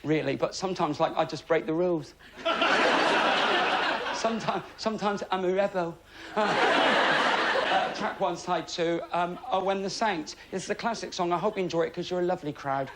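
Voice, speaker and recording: A middle-aged man from England doing a stand-up comedy routine, chatty and self-mocking, with deadpan asides to the crowd. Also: high voice, normal speed. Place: TV studio before a live audience. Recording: loud studio audience laughter and noise.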